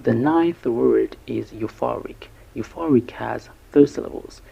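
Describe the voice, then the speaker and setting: A male English teacher narrates a vocabulary lesson, spelling each word out slowly by syllable. His voice is heavily gravelly and deep-toned, with a husky edge. The recording sounds dull and lo-fi. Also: mellow. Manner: breaks words into syllables slowly and carefully.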